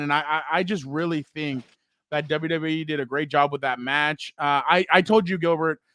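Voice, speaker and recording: A young man co-hosting a casual sports podcast. He tells stories with excitement, laughs as he goes, and acts out other people's lines. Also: a little high, no echo, clean studio sound. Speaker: podcast co-host.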